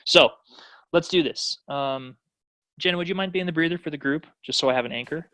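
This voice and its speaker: A man's voice: on the high side, fairly quick, pushed and bright, no room sound, poor audio. A man leading a personal growth class, enthusiastic and encouraging, affirming what others say. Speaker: class leader.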